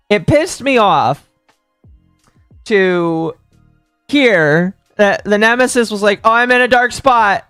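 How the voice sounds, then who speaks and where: A man's voice: a little high, fairly bright tone, clear, resonant tone, no echo. A man hosting a live stream in a casual rant, heated and swearing, with frequent stammers and restarts. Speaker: stream host.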